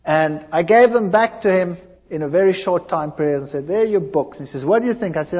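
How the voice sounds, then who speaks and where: A man giving a personal testimony, telling his story in an animated way and acting out the dialogue. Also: high voice, fast talker. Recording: dull lo-fi recording in a large reverberant hall.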